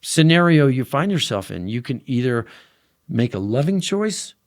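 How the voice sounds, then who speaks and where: A man's voice: medium pitch, moderate pace. Man telling a story in casual talk. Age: young adult. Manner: animated storytelling, drifts soft and hushed at tense moments. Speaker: podcast guest. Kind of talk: casual conversation.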